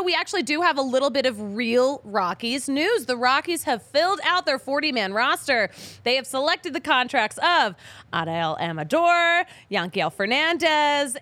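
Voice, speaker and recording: A woman hosts a sports podcast in a chatty, joking way, with a casual swear here and there. Her voice is bright and a little higher than most. The studio sound is dry, with no room echo. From Philadelphia. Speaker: podcast host.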